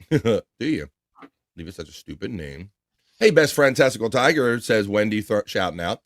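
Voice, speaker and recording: A man's voice: on the low side, expressive, moderate pace, dry recording, clean studio sound. A man from the Baltimore area with a Baltimore accent, hosting a casual livestream and reading viewer comments aloud in an easygoing, chatty way. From Baltimore area, United States. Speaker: livestream show host.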